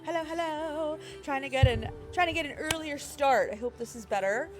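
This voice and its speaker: A woman's voice: high-pitched, lively intonation, fairly quick, over music. A young woman streaming live, chatting casually and giggling as she greets her viewers.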